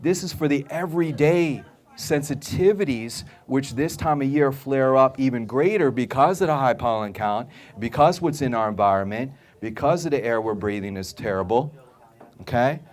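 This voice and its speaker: A supplement store speaker addresses a live audience in a mid-range voice at normal speed. He hammers his points home repeatedly, checks in with "okay?" again and again, and imitates customers' reactions in his stories.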